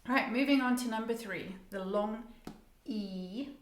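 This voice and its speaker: A woman pronunciation coach teaching English casually, slowly demonstrating sounds and repeating words, encouraging her viewers. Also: on the high side, roomy sound. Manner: encouraging, speaks directly to viewers.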